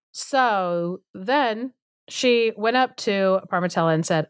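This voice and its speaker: A woman's voice: mid-range voice, unhurried, smooth, no room sound, studio quality. Chatty woman retelling a fairy tale. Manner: chatty, full of "like", acts out characters' lines with sarcastic asides. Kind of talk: casual storytelling chat.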